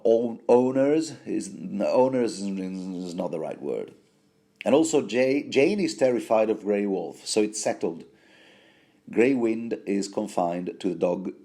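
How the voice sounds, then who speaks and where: Male podcast host, low voice, slow, rambling, self-deprecating, recorded at home. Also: dark tone. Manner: rambling, hesitant, self-deprecating, lots of restarts. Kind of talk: rambling book commentary.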